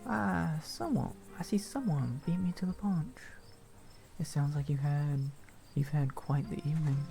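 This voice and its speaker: A man's voice: on the high side, a little slow, vocal fry, dark tone, soft background music. A man voicing a worried, apologetic mother who speaks with regret. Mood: regretful.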